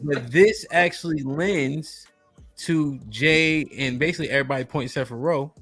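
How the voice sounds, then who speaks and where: Male stream host, slightly high voice, loose joking chat, faint music underneath. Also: moderate pace, fairly bright tone. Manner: loose and joking, reads chat messages aloud. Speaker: podcast host. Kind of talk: casual live-stream chat, reading donations.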